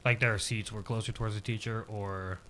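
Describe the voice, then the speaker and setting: A man's voice: fairly low pitch, fairly even intonation, brisk, bright, forceful tone, a little hiss or hum. A man in his twenties, a podcast guest, telling a personal story casually and hesitantly, with many filler words.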